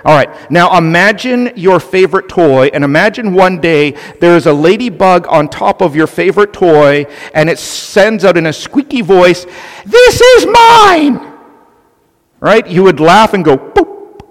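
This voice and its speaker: A man's voice: sits high, normal speed, hardly any pauses. A male pastor preaching a sermon earnestly and with animation, turning to the children with playful asides. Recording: long reverb of a large hall.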